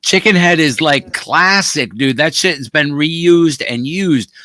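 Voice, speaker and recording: A man hosting a live online stream trades crude, profane jokes with friends. His voice is bright and forceful. The sound is dry and close to the mic. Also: fairly high pitch, unhurried, dry recording. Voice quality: crude, profane, jokey banter. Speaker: host. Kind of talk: casual chat.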